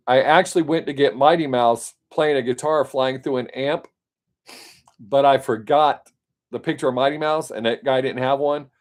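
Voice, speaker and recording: Man musing on a live stream. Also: mid-range voice. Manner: musing, rambling, joking. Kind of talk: casual chat with viewers.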